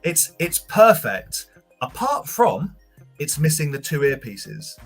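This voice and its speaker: A man's voice: fairly high pitch, creaky, soft background music. A man co-hosting a podcast, talking in a casual chat and often repeating words as he goes. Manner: relaxed, halting, repeats words.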